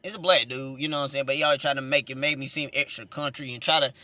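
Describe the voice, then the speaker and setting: This Southern man, a minister who also vlogs, races through a rambling story from his car in a medium-pitched, sharp voice with fairly even intonation. The sound is dry, and he repeats words and chuckles between points.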